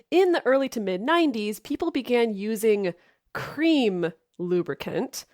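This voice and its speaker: A woman's voice: a little high, animated, a little slow, a little mellow, no room sound, studio quality. A woman co-hosting a podcast, reading ads in a playful, teasing way. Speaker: podcast co-host. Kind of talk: casual podcast chat with ad reads.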